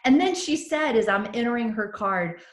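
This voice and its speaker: A woman's voice: on the high side, animated, moderate pace. A woman giving a motivational sales training talk, telling stories and acting out the dialogue with enthusiasm. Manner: storytelling, acts out dialogue; enthusiastic, addresses audience as y'all. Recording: echoey room.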